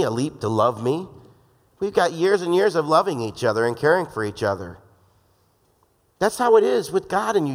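A male pastor with a fairly high voice preaches in a loose, joking style and slips into the voices of the people he quotes. His voice rings out with a long reverb, as in a large church hall. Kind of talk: sermon.

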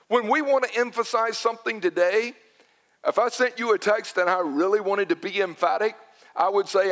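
High-voiced middle-aged preacher guy, keeps repeating words for emphasis, big echoey hall. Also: normal speed, a bit bright. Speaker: pastor. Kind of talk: sermon. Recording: long hall reverb.

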